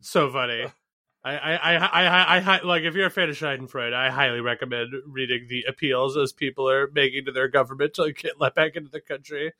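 A man's voice: mid-range voice, fairly even intonation, a little fast, sharp tone. A man co-hosting a podcast, chatting casually in a mocking way, with laughs and stumbling restarts. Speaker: podcast co-host. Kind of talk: casual political banter.

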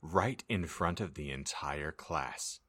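A man's voice: very deep voice, slow, pushed and bright. A man co-hosting a comedy podcast, ranting sarcastically and reading a story aloud with theatrical flair. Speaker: podcast co-host.

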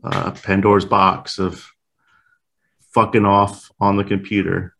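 A man's voice: low-pitched, monotone, a little slow, creaky, fairly bright tone, slight background noise. A man co-hosting a podcast in casual chat, joking and profane. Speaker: podcast co-host.

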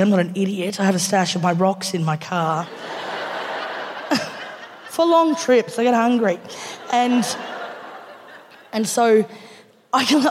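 A woman with an Australian accent telling a stand-up story on stage, laughing through her lines and swearing casually. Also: mid-range voice. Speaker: stand-up comedian. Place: large theatre stage with a live audience. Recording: live theatre reverb, faint background noise.

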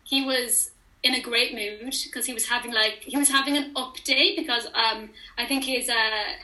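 Bright animated young woman. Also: on the high side, moderate pace, echoey room, low-quality recording. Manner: animated storyteller who acts out quoted dialogue. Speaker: interview guest. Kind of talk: casual chat.

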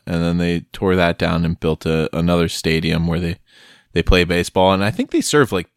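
A man co-hosting a podcast, trading quick, jokey asides in casual banter. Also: low-pitched, clear, resonant tone, dry recording, clean studio sound. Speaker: podcast co-host.

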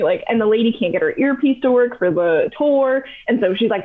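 Podcast guest: chatty young woman, animated storyteller, thin phone-like sound. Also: on the high side, a little fast, hardly any pauses. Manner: chatty, animated retelling with lots of "like". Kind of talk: casual storytelling. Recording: tinny phone-like line.

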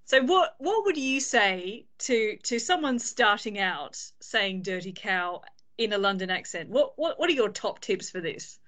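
A woman's voice: mid-range voice, lively intonation, measured pace, a bit bright. A woman hosting a podcast on a video call, friendly and asking questions with frequent laughs. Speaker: podcast host. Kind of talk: casual interview chat.

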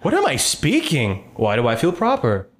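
A game master voicing a dazed little revived creature that is bewildered to find itself speaking proper, in a slow, polite way. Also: medium pitch, wildly swooping pitch.

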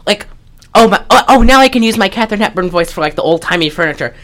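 A woman co-hosting a podcast, recapping a movie in casual chat, animated and profane, with lots of fillers and laughter. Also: fairly low pitch, quick pace, slight background noise. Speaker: podcast co-host.

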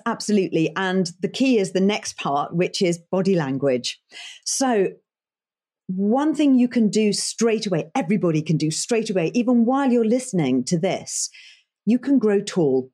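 A woman voice coach giving emphatic, animated advice as a guest in a podcast interview. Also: medium pitch, husky. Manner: animated and emphatic, stresses key words.

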